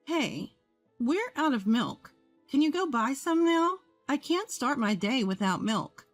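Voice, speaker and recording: A bossy older mother-in-law who orders everyone around in a nagging, entitled tone, as a woman narrator puts her on. The voice sits slightly higher than the storyteller's own, recorded dry and close. Soft music plays quietly in the background. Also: big pitch swings, takes it slowly, no room sound, full character voice. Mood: demanding.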